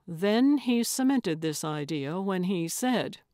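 A woman narrating an audiobook in a measured, plain storytelling manner. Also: lowish voice, expressive, warm tone, no room sound, studio quality. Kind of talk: scripted narration.

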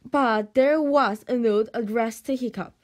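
A woman reading a children's novel aloud in an animated storytelling manner, with slips and restarts. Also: a little high, unhurried. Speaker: audiobook reader.

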